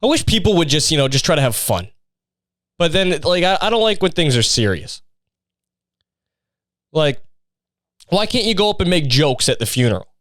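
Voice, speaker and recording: A young man rambles through a sarcastic, profane comedy monologue as a podcast host. His voice is smooth and clean. It is recorded close and dry. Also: a little high, big pitch swings, normal speed, long pauses, fairly bright tone, dry recording.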